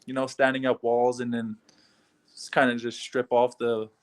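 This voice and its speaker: A young man with an average, middle-pitched voice, answering questions over a video call. He talks in an easygoing, laid-back way and breaks into soft laughs now and then. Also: little pitch movement, normal speed. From Canada. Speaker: fighter being interviewed. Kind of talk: casual interview answers.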